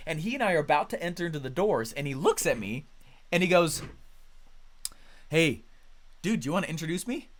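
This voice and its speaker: Male business coach, higher register, energetic and emphatic motivational storyteller. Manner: energetic and emphatic, with loud bursts; quick, conversational storytelling with restarts.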